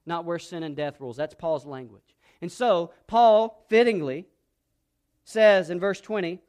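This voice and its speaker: A man's voice: high voice, unhurried, a little mellow, clear, resonant tone. A male pastor preaching a sermon, reading scripture and asking the congregation questions to fill in. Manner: preaching with rising emphasis and call-and-response questions.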